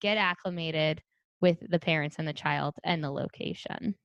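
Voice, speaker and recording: A young adult woman, a speech therapist co-hosting a podcast, chatting casually and quickly with many "like" fillers. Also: low-pitched, creaky, fairly bright tone, clear, resonant tone, no echo, dull audio.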